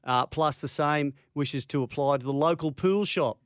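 Joking Australian sports radio host. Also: male voice, fairly high pitch, normal speed, clear, resonant tone, dry recording, clean studio sound. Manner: jokey, banters with his co-host. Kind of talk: casual chat. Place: radio studio.

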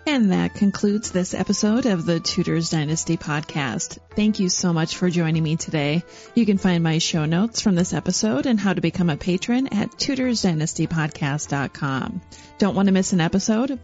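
A woman's voice: lowish voice, animated, normal speed, darkish tone, soft background music. A woman hosting a podcast, interviewing a guest and reading the outro, laughing easily. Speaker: podcast host. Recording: slightly dull audio.

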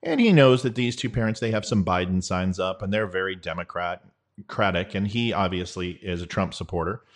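A man's voice: low voice, lively intonation, a little fast. A man hosting a casual online politics show, joking and telling folksy stories at a desk mic. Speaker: host.

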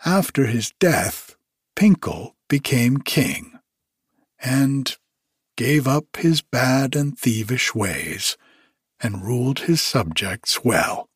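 A man reading a fairy tale aloud as a bedtime story, in an unhurried, expressive way. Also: medium pitch, husky, dry recording, clean studio sound.

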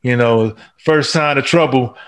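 Easygoing male host, mid pitch, reads out viewer questions. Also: measured pace. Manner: relaxed, agreeable, lots of fillers while reading viewer questions. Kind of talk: casual panel chat.

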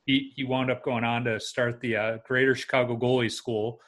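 Chatty man of middle pitch. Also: level tone, moderate pace, a bit bright. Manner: chatty anecdotal storytelling. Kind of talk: casual conversation.

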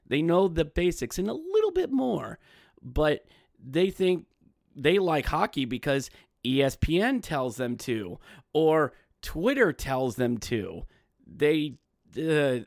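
A man hosts his own fan podcast, ranting with exasperation and slipping into mock voices of other fans. His pitch is a touch high and swings widely, with a gravelly fry underneath. The sound is dry and close. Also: dry recording. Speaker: podcast host. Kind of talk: solo fan podcast rant.

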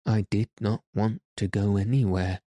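A man's voice: on the low side, fairly even intonation, unhurried, mellow, no room sound, clean studio sound. A man reading as a homesick little girl. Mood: homesick, plaintive. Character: small frightened orphan girl, homesick.

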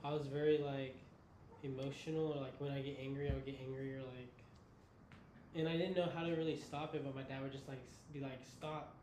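Young male guest, casual and halting, roomy echo, faint noise. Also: mid-range voice, level tone, mellow. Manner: halting, heavy use of "like". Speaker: podcast guest. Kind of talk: casual chat. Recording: echoey room with faint noise.

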